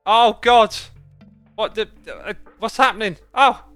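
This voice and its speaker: A man voicing a squeaky, excitable teenage boy gamer who shrilly scolds and panics. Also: takes it slowly, smooth, no room sound, soft background music, heavily acted. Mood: shrill scolding.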